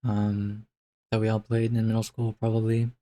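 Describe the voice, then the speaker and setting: A man's voice: fairly low pitch, monotone, normal speed, dark tone. Young guy rambling a casual life update. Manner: rambling, self-interrupting, many fillers and restarts. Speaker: vlogger.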